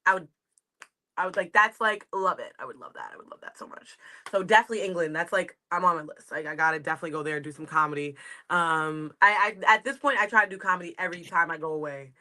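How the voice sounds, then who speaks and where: A woman's voice: on the low side, fairly even intonation, fast, pushed and bright. A woman from the United States with a New York accent, a comedian chatting as a guest on a video-call interview, rambling and easy to laugh. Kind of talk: casual interview chat.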